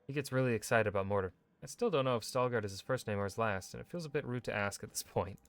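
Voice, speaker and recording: A man streaming a video game, reading in-game lore texts aloud in a measured, steady way with brief asides. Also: fairly low pitch. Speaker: gaming streamer.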